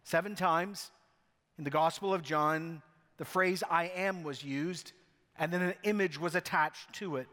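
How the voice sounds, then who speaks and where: A man's voice: on the high side, measured pace, pushed and bright. A male co-lead pastor preaching a sermon from Canada, telling a self-deprecating personal story in a conversational way before moving into teaching. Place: church hall. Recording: long reverb of a large hall.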